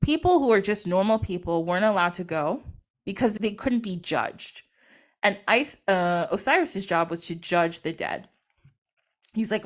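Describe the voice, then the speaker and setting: Animated woman retelling a myth. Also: mid-range voice, normal speed. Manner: animated, laughs often, acts out quotes. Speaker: podcast guest or host. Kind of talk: casual chat retelling a myth.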